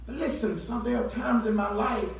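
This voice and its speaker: Shouting preacher in an echoey church. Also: male voice, very high voice, fairly even intonation, moderate pace, gravelly, recorded from a distance, a little hiss or hum. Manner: call-and-response preaching, swells into shouts. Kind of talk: sermon. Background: congregation responding.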